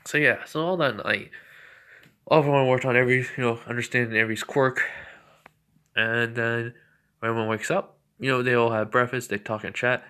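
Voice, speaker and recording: A man's voice: mid-range voice, fairly even intonation, normal speed, sharp tone, clear, resonant tone. A man casually telling a fan story aloud, rambling with lots of fillers. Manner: rambling, many fillers and restarts.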